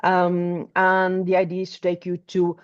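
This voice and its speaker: A woman's voice: fairly low pitch, monotone, unhurried, clean tone, highs cut off. A woman with a Portuguese accent, a tour guide chatting in an interview, hesitant with many restarts. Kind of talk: casual interview chat.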